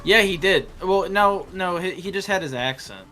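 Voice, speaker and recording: A man's voice: sits high, normal speed, pushed and bright, soft background music. A man chatting casually with friends while gaming, telling a rambling story with laughs and restarts. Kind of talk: casual chat while playing.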